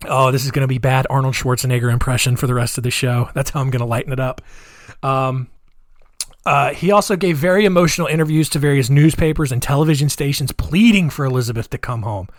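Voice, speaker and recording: A man's voice: medium pitch, quick pace, dry recording, studio quality. A man hosting a solo podcast, telling a crime story casually with many fillers and offhand asides. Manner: conversational, with filler-heavy asides. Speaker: podcast host.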